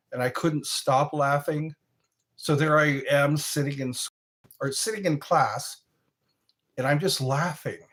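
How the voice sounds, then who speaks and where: Male stream host, slightly high voice, unhurried rambling chat, quick to chuckle. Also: a bit bright. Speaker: livestream host. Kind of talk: casual chat answering viewer comments.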